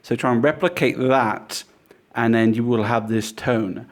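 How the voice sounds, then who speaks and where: A male language teacher walks learners through a pronunciation lesson at an unhurried pace. He explains patiently and pauses to model each sound clearly. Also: medium pitch, fairly even intonation.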